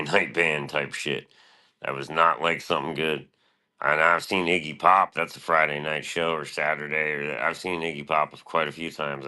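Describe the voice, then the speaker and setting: Very deep-voiced rambling male streamer. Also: pushed and bright. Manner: profane, meandering, laid-back. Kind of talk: casual rambling monologue.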